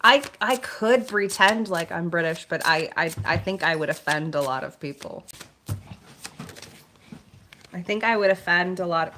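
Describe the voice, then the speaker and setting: A woman reading oracle card messages on a live stream and chatting with viewers, soft-spoken and meandering, with plenty of filler words. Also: lowish voice, a little hiss or hum. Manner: reads card messages aloud in a gentle measured tone.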